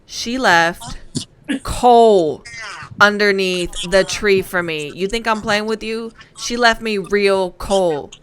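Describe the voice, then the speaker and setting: A woman's voice: mid-range voice, takes it slowly. A woman in her thirties who grew up between the United States and Spain, telling stories as a podcast co-host and slipping into Spanish now and then. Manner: animated storyteller, slips into Spanish. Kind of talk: casual podcast chat, storytelling.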